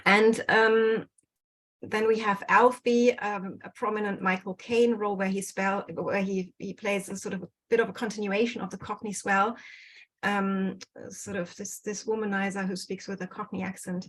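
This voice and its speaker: A woman's voice: mid-range voice, level tone, moderate pace, rough recording. A woman giving an online research talk over a video call, with many fillers and restarts. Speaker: guest researcher. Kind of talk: online presentation. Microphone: computer mic on video call.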